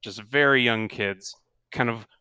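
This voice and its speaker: A man narrating a tabletop game as game master, in a relaxed and rambling way with many fillers. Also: medium pitch, measured pace, clean tone, no echo.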